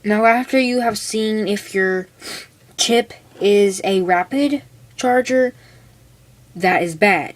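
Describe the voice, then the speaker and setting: A young woman, perhaps a teen, rambling chattily through a casual how-to demonstration at a home workbench, full of "like" and "okay". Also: medium pitch. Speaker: hobbyist showing a build. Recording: noisy home video recording.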